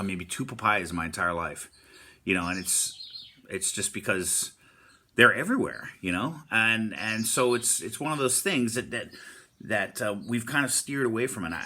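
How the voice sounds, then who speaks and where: A man's voice: low-pitched, sharp tone, a little hiss or hum. A man giving a casual, upbeat motivational talk, repeating himself often and using surfer slang like "stoked.". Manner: upbeat, encouraging, repetitive. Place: Hawaii.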